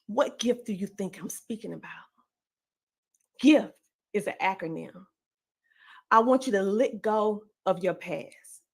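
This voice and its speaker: A woman's voice: medium pitch, measured pace, pauses often, breathy edge. A woman from the Southern United States with a country twang, giving an emphatic, preacher-like motivational speech as a podcaster and coach.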